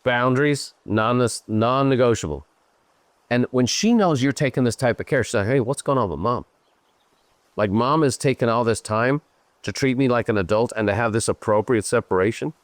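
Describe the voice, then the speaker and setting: A middle-aged Irish man hosting a show, coaching a guest in an animated, emphatic way. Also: medium pitch, moderate pace, no echo. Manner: animated, emphatic, slips into playful voices for others. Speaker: host and business coach. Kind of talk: live coaching Q&A.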